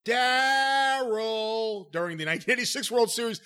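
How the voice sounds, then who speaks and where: A man's voice: on the high side, very animated, brisk, a bit bright. A man hosting a casual commentary chat, leading the talk and cueing clips. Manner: leads the talk, cues clips. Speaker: podcast host.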